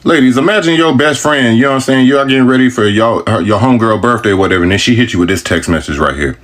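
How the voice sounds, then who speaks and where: Man, husky voice, lively pitch, blunt, incredulous reaction commentary. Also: quick pace, few pauses.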